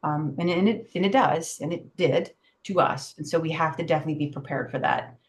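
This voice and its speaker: A middle-aged woman with a somewhat low voice leads a virtual safety training. She talks briskly and emphatically, filling pauses with "um", heard over a video call. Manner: brisk, emphatic, many fillers.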